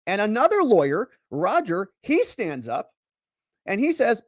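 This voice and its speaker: A man's voice: extremely high pitch, very animated, normal speed, dry recording, clean studio sound. A man hosting legal commentary, who retells a court hearing dramatically and acts out the lines of the judge and the lawyers.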